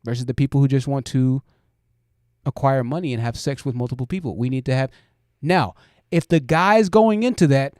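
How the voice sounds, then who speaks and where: A man's voice: a little high, dark tone, no room sound, studio quality. A man hosting a livestream, giving blunt commentary and talking straight to his chat. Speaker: host.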